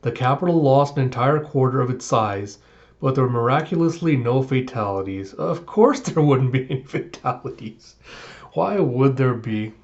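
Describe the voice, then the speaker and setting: A man's voice: mid-range voice, expressive, moderate pace. Man recapping a comic, lo-fi. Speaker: manga reviewer. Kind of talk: casual reaction recap.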